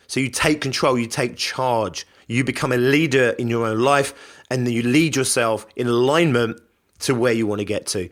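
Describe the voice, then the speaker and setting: A man's voice: medium pitch, moderate pace, a bit bright. A man hosting a podcast, delivering a conversational, reflective self-help monologue and repeating phrases for emphasis. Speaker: podcast host.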